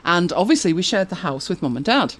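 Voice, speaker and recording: A woman's voice: on the low side, big pitch swings, brisk. A woman hosting a casual chat show, telling anecdotes and reading viewer comments with frequent laughs. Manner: chatty, anecdotal, laughs often. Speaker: podcast host.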